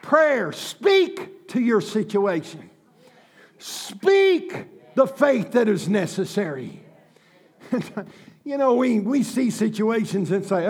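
A man preaching a sermon, swinging from folksy, joking asides to shouted, fervent declarations. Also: high-pitched, very animated, slow, slightly rough.

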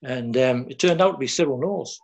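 Halting ex-footballer. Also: male voice, mid-range voice, gravelly. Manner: halting, repeats words, quotes others. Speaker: former footballer. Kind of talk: casual storytelling chat.

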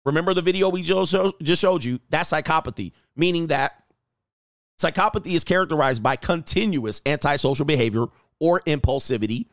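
A man's voice: fairly high pitch, a little fast, no echo, clean studio sound. A dating coach giving blunt, profane reaction commentary, laughing at his own points and firing off mocking rhetorical questions.

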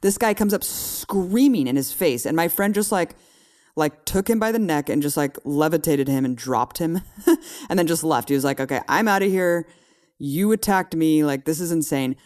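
A man on a podcast in casual political chat, telling a story with animated, exasperated emphasis. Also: a little high, normal speed.

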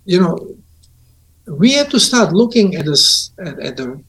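High-voiced man telling earnest stories. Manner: earnest, lively storytelling with pauses and restarts. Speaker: guest. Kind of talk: casual conversation.

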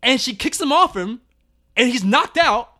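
Man co-hosting a film chat: high, lively, bright voice, swearing freely and acting out lines. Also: unhurried. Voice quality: animated, profane, loud bursts of laughter. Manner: acts out characters' lines in exaggerated voices. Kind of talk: casual movie review chat.

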